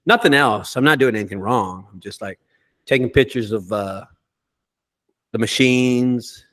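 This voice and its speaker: A man who owns a junk removal business, telling stories in a casual group call with lots of swearing and animated delivery. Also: mid-range voice, a little slow. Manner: profane, animated storyteller.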